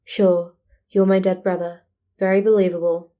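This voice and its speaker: A woman voicing a dry, deadpan teenage boy hero student. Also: on the low side, moderate pace, dull audio, natural voice. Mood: sardonic.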